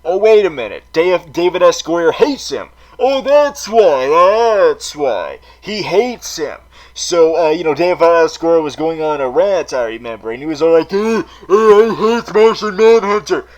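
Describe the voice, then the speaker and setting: Theatrical, high-pitched male vlogger. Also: big pitch swings, measured pace, few pauses, a little mellow, highs cut off. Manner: melodramatic, swearing, theatrical. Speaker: vlog host in villain persona. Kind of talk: comedic TV recap rant.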